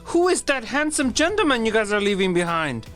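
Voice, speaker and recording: A tabletop player jokes and banters with the table in a bright, ringing voice. The pitch leaps around a lot, and faint music sits behind the voice. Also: big pitch swings. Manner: playful, joking, quick to laugh. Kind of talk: casual banter at a tabletop game.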